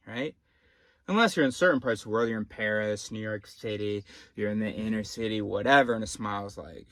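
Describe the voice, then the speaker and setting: A man's voice: lowish voice, a little fast, a bit bright, no echo. A man vlogging in a casual monologue, rambling off on tangents and cutting himself off mid-phrase. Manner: rambling, self-interrupting, tangential.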